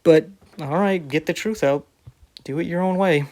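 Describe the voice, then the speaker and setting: A man's voice: a little high, normal speed, darkish tone. Sarcastic man reading viewer comments. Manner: sarcastic, defensive. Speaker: online preacher.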